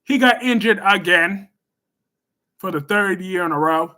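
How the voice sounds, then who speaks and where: A man hosts a live stream, chatting with viewers in an animated way. His voice sits high and bright. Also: a little slow. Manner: chatty, animated, scolds chatters loudly then gushes warmly. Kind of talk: casual live stream chat, reading viewer comments.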